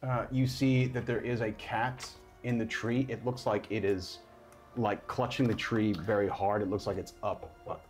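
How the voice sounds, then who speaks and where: A man's voice: on the low side, steady tone, darkish tone, soft background music. A casual man running a tabletop game. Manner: casual, halting narration with fillers. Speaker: dungeon master.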